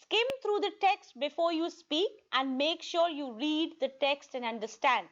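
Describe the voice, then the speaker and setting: A woman's voice: high voice, unhurried, a bit bright. A woman teaching an online test-prep lesson, explaining tips and often checking in with "okay?". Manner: repeats points, checks in with "okay?". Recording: dull lo-fi recording.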